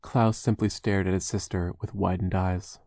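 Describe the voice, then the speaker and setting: A man with a very low voice narrates a children's novel in a measured, storytelling way, with occasional wry asides. His reading is steady and deliberate. The recording is dry and close, with no room sound. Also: creaky, no echo. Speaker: audiobook narrator. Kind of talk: scripted narration.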